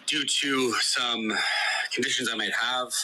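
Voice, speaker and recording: A man hosting a podcast, making a halting announcement with many filler ums, heard from a phone video held up to the mic. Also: medium pitch, fairly even intonation, pushed and bright, poor audio. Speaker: podcast host. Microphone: prerecorded video on a phone held to the mic.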